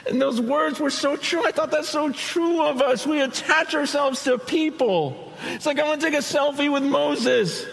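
A man's voice: very high voice, normal speed, gravelly, a bit bright, big-room sound, a little hiss or hum, low-quality recording. A man preaching a sermon in an earnest, conversational way, often acting out quoted words. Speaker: pastor.

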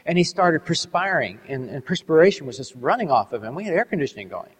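Earnest preacher in a reverberant hall. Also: male voice, on the high side, very animated. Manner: measured and earnest, slowing down to stress key words. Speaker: Christian ministry speaker. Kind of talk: sermon with a storytelling testimony.

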